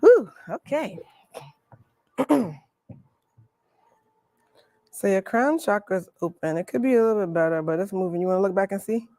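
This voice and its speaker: A lively woman from the Bronx leads a live Reiki workshop. She talks in a playful, chatty way, and her pitch rises and falls a lot. The sound is dry and close. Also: normal speed, pauses often, dry recording. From the Bronx, New York. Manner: playful, chatty, laughs often. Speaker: Reiki teacher. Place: library workshop room.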